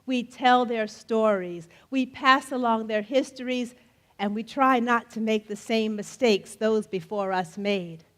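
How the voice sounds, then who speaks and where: A middle-aged woman telling folktales live in a festival tent, playful and animated, joking with the audience and leading them in refrains. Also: a little high. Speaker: storyteller. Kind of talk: live storytelling performance. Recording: faint audience crowd behind. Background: faint crowd of listeners.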